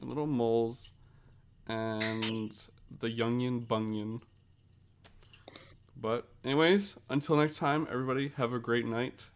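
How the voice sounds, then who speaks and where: A man's voice: medium pitch, fairly even intonation, a little slow, long pauses, a little hiss or hum. A young man hosting a casual comedic chat, rambling and giggling, with frequent restarts. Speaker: host.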